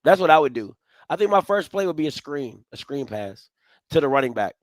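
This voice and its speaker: A man with a raised, very animated voice banters loosely about football, all slang and asides. The sound is dry and close to the mic. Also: a little high, brisk, dry recording. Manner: lively, informal, chatty with slang. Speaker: channel owner and co-commentator. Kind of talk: casual sports banter.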